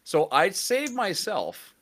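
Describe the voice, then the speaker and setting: Animated man chatting casually. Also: high voice, slow. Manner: animated, laughing storyteller. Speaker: co-host. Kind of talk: casual chat.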